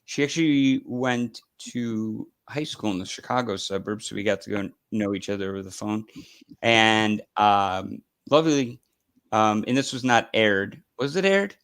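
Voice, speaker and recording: A man's voice: fairly low pitch, a little slow, a bit bright, clear, resonant tone, dry recording, rough recording. A man hosting a casual live stream, chatting in a rambling way with lots of fillers and restarts. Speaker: host.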